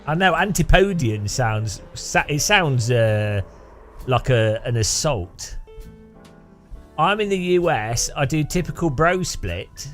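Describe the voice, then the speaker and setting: A man's voice: medium pitch, expressive, slow pace, soft background music. A man streaming a game, rambling and joking with his chat in a self-mocking way. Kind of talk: casual live stream chat while gaming.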